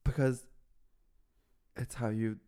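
A man's voice: mid-range voice, slow. A man with an Irish accent, a podcast co-host telling stories in casual chat and acting out the dialogue. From Ireland. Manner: animated gossipy storytelling, acting out dialogue.

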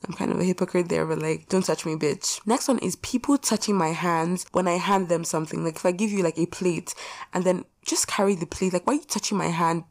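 Young female podcast host, low-ish voice, casual and exasperated, swears a lot and does not hold back. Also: fairly quick, a little mellow. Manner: blunt, profane, exasperated. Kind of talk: casual rant.

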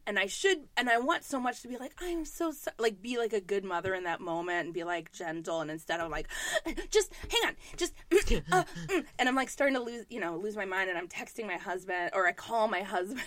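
A woman in her thirties from New York, telling a story in casual chat, tense and quick to swear as she acts out the people in it. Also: mid-range voice, a bit bright, no echo.

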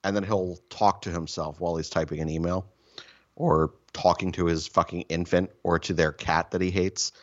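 A man's voice: low-pitched, steady tone, normal speed, dull audio. A man telling rambling, profane, self-mocking stories in a casual chat.

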